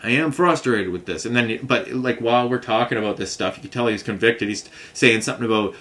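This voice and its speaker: Man, vlogger, rambling, frustrated, casual storytelling, mid-pitched voice. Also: a little fast, a bit bright. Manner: rambling, frustrated, many "you know what I mean" asides.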